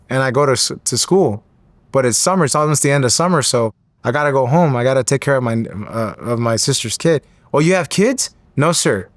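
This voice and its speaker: A man in his thirties telling a story as an interview guest, acting out the other people's voices as he goes. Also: no echo. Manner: acts out quoted voices with rising pitch. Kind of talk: animated storytelling.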